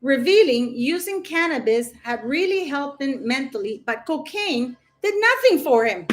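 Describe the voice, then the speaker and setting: A woman's voice: high-pitched, very animated, measured pace. A woman hosting a casual livestream, rambling and chatty with lots of fillers. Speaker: livestream host.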